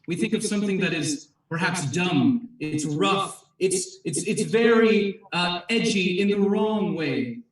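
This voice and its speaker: A man doing an improv bit as a lawyer arguing for croissants, with grandiose, mock-patriotic speechmaking. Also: sits high. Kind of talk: mock courtroom argument. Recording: roomy echo, distant from mic.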